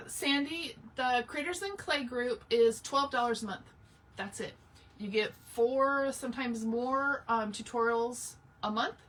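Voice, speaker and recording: A woman's voice: fairly high pitch, slow, fairly bright tone, distant mic. A woman hosting a casual live craft tutorial, chatting and greeting viewers by name as she works. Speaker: craft livestream host.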